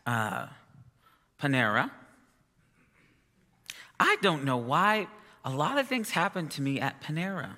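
A man's voice: medium pitch, sharp tone. A male preacher giving a sermon and telling a personal story in a chatty, self-amused way. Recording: long reverb of a hall.

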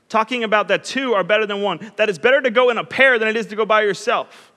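A man's voice: high-pitched, brisk, sharp tone, big-room sound. A young man preaching as a youth pastor, chatty and self-deprecating, telling stories. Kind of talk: sermon.

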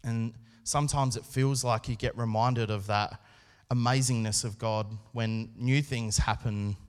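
A man preaching a sermon at a church service, speaking in an earnest, conversational way with pauses and restarts. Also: medium pitch, fairly even intonation, smooth. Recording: long hall reverb.

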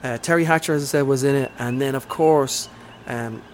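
A man's voice: mid-range voice, brisk, a little hiss or hum. A man hosting a casual movie chat, enthusiastic and rambling with lots of fillers.

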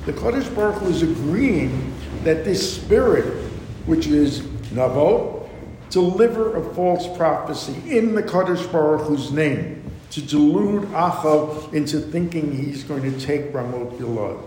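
Slow man teaching scripture in an echoey hall. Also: animated, warm tone. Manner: slow, deliberate explaining, reads Hebrew verse then translates. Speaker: Torah teacher. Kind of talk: lecture on scripture. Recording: echoey hall with faint rumble.

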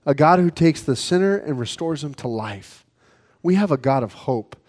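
A man preaching an evening sermon in a casual storytelling way, acting out quotes and dropping from lively to hushed. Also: fairly high pitch, normal speed, long reverb tail. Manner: swings from lively to soft and hushed.

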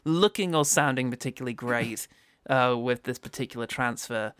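A man's voice: mid-range voice, fairly bright tone, smooth, no room sound, clean studio sound. A man co-hosting a podcast, chatting about a movie in a casual, laughing way. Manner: giggly, quick to jump into mock voices. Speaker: podcast co-host. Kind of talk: casual movie-review chat.

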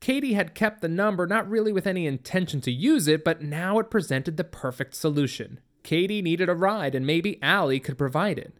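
Steady audiobook narrator. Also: medium pitch, fairly quick, hardly any pauses.

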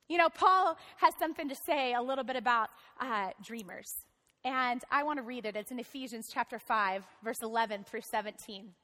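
A woman's voice: sits high, expressive, a little fast, pushed and bright, long reverb tail. A woman pastor preaching a sermon in a conversational way, asking the congregation questions.

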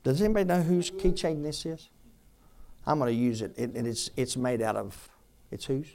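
A man preaching a sermon as pastor, urging the room with rhetorical questions and swinging between loud appeals and soft asides. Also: medium pitch, normal speed, vocal fry.

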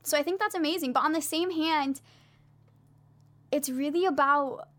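A woman's voice: high-pitched, normal speed, fairly bright tone. A woman co-hosting a live chat who talks in a thoughtful, supportive way. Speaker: co-host. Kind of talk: casual chat on a live stream.

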